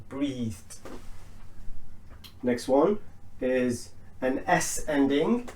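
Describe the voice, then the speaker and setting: A male English teacher takes a slow, unhurried pace through a pronunciation lesson and repeats each word for practice. His voice sounds set back from the mic in a roomy space, with noticeable echo. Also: medium pitch, a little mellow, recorded from a distance.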